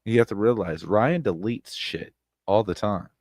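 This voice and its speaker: A man streaming blunt, profane commentary on online drama, repeating himself and breaking into loud outbursts. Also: fairly low pitch, normal speed, dry recording, studio quality. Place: home streaming setup. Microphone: close streaming mic.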